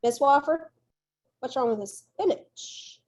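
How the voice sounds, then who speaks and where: Eager coworker teachers, high and excitable, voiced by a woman storyteller. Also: takes it slowly. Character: eager, disappointed fellow teachers.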